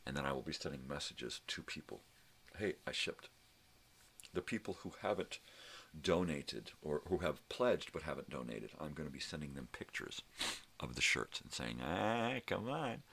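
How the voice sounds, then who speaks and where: A middle-aged man with an extremely low, gravelly voice rants through his morning vlog. His tone is forceful and a little raspy, and his rambling talk is full of swearing. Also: normal speed. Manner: profane, rambling, ranting. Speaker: vlogger host. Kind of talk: casual morning rant.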